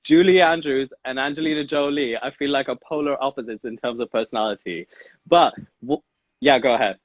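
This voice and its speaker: Teasing guy hosting a chat show, gets excitable, kinda dull muffled audio. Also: medium pitch, brisk, no room sound. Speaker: podcast host. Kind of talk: casual interview chat.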